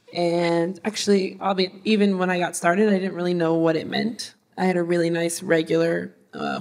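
Relaxed low-voiced woman panelist. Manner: relaxed, chatty, with fillers. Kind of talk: casual storytelling at a live panel.

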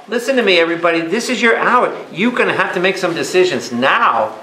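High, bright-voiced priest in an echoey hall. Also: male voice, expressive, a little fast. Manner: emphatic, keeps firing questions at the listeners. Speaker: priest teaching a Bible study. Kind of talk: lively Bible study teaching to a live group. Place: a meeting room or church hall with a live audience. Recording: echoey room.

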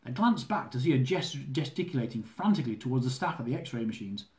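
A man reading his own humorous travel memoir aloud, lively and dramatic, with comic swearing. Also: mid-range voice, fast talker. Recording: roomy echo.

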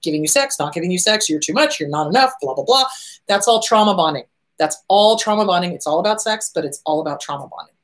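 A woman's voice: fairly low pitch, lively intonation, fast talker. A middle-aged woman hosting a relationship advice talk, answering viewer questions and driving her points home by repeating them. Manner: emphatic, repeats key phrases. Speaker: host.

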